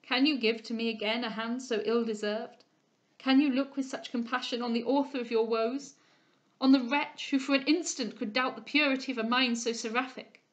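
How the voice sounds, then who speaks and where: A woman reading aloud, voicing a passionate, remorseful young gentleman lover in a slow, declamatory way. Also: a little high, steady tone, highs cut off, close to an everyday voice. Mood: impassioned.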